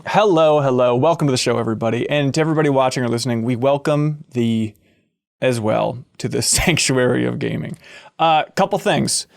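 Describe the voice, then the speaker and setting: A man hosting a games podcast in a playful, jokey way, breaking into sudden excited whoops. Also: medium pitch, quick pace, vocal fry, no echo, clean studio sound. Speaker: podcast host.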